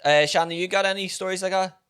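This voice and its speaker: A young Northern Irish man co-hosting a podcast, telling stories in a sweary, animated chat. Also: high-pitched, fast talker, clean tone. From Northern Ireland. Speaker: podcast co-host. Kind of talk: casual chat.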